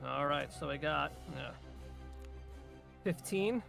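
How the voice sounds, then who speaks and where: High gravelly-voiced man player. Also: slow pace, pushed and bright, faint music behind. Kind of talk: casual tabletop play.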